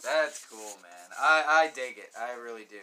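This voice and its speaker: A man's voice: medium pitch, expressive, moderate pace, bright, forceful tone. A man chatting casually as a podcast guest, laid-back and restarting his sentences. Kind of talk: casual chat.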